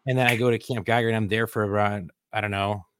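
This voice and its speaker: A man's voice: fairly low pitch, steady tone, fast talker. A man co-hosting a podcast, chatting bluntly and profanely about his own service. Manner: blunt, profane, laughs along. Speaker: podcast co-host, veteran. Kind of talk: casual chat. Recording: noticeable background noise.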